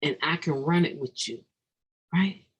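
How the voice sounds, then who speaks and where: Slow husky gravelly voice, recovery talk, earnest and halting, keeps restarting then pushes hard on a point. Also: mid-range voice, low-quality recording. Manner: halting, earnest, restarts mid-thought, emphatic bursts. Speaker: recovery meeting speaker. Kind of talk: reflective daily meditation talk.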